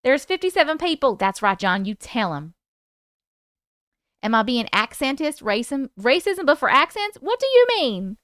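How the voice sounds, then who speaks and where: A woman's voice: sits high, sing-song, fairly bright tone, clear, resonant tone, no echo, clean studio sound. A young woman hosting a livestream, chatting casually and giggling as she reads out viewer comments. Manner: chatty, giggly, quickly distracted. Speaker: livestream host.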